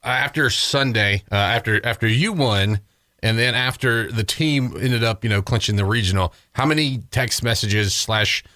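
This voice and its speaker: Rambling low-voiced male radio co-host. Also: pushed and bright, no room sound, studio quality. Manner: rambling, halting, many restarts. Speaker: radio co-host and sports broadcaster. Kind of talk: casual radio talk.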